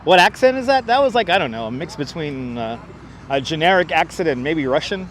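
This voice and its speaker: A man with a fairly high voice chats casually while walking outdoors. He thanks viewers and tosses off jokey asides into a wireless clip-on mic. Faint city traffic hums in the background. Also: big pitch swings, a little fast, fairly bright tone. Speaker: livestreamer. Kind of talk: casual live vlog chat. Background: traffic and city ambience.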